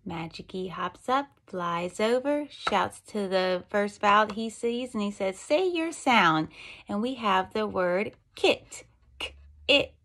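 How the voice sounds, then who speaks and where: A woman's voice: mid-range voice, fairly bright tone. A woman teacher giving a phonics lesson to young children. She tells it as a story and draws out the letter sounds. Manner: slow, sing-song storytelling with drawn-out sounds.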